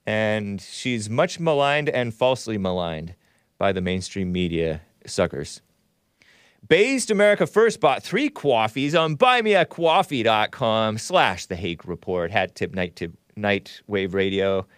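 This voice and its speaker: A man's voice: on the low side, big pitch swings, a little slow, fairly bright tone, smooth, dry recording, studio quality. A man from Southern California hosting a talk show, reading viewer messages aloud with wry, sardonic asides.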